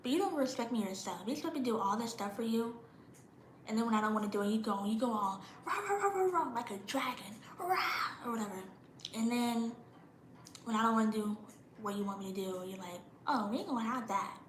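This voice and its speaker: A woman's voice: medium pitch, fast, reverberant, slight background noise, low-quality recording. Blunt young woman with slangy talk. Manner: slangy, blunt, drops into mocking parent impressions. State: shivering from cold. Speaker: vlogger. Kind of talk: casual monologue vlog.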